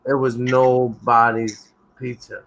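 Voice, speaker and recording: Man, casual chat, laid-back, keeps checking in with the listener, mid pitch. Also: flat delivery, takes it slowly, fairly bright tone, low-quality recording.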